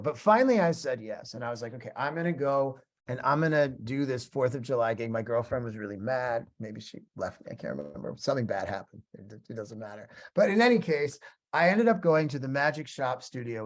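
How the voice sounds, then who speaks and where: A middle-aged man, a musician teaching a class, telling stories in a chatty, animated way and acting out both sides of past conversations. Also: medium pitch, brisk. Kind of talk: casual storytelling lecture.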